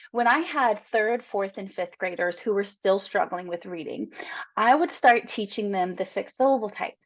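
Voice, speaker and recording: Chatty woman teacher on a webinar. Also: mid-range voice. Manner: chatty and encouraging, tags statements with "right?". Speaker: reading teacher presenting a webinar. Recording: slightly dull lo-fi webinar audio.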